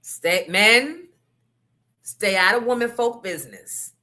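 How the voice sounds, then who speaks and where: A woman's voice: mid-range voice, lively intonation, slow pace, pushed and bright. A woman hosting a casual podcast chat, telling frank, profane stories with asides to her listeners. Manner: candid, profane storytelling with asides to the audience. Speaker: host.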